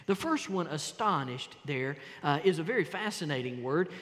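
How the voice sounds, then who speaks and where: A man preaching a sermon, dramatically moving between hushed tones and loud exclamations as he acts out the voices of Bible figures. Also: fairly high pitch, animated, normal speed, in a large hall. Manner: dramatic, swings from hushed to shouting.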